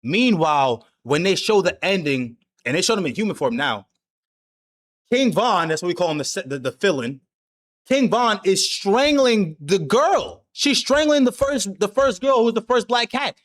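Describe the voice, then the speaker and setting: A man's voice: high voice, sing-song, moderate pace, fairly bright tone. A man hosting an anime discussion, telling the plot in casual, slangy speech full of swearing and laughter. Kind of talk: casual chat, recapping an anime.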